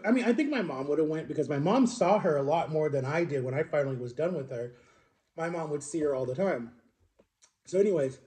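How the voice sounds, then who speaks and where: A man's voice: a little high, mellow. A young adult man telling a long personal story in a casual, rambling way, full of fillers and restarts. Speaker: social media creator.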